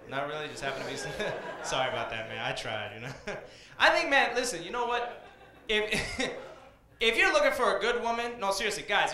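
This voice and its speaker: A man from Iran performing stand-up comedy on a small club stage, with an energetic, punchy delivery. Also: on the high side. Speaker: comedian and open mic host. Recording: echoey club room.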